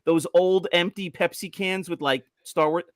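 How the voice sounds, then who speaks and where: A man's voice: high voice, steady tone, dry recording, studio quality. A man co-hosting a livestreamed toy-collecting podcast, chatting casually and restarting his sentences. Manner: chatty, halting with restarts and laughs. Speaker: podcast co-host.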